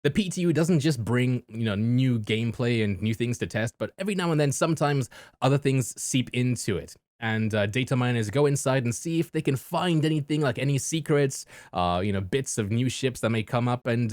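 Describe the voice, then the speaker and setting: A man's voice: mid-range voice, expressive, brisk, dry recording, clean studio sound. A man hosting a casual podcast, chatting loosely with plenty of fillers and laughs. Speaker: podcast host.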